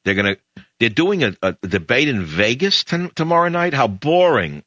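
A man's voice: very animated, moderate pace, sharp tone, no room sound, dull audio. An older man, hosting a talk show in a rambling, digressive storytelling monologue. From Brooklyn, New York. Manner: digressive storyteller, jumps between tangents with sudden pitch leaps.

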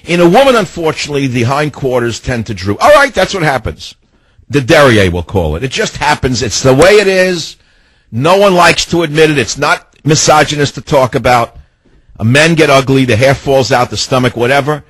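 A man's voice: mid-range voice, lively intonation, normal speed, fairly bright tone, husky, no echo. A man hosting a talk radio show, delivering a rambling, sarcastic and mocking monologue into a studio microphone.

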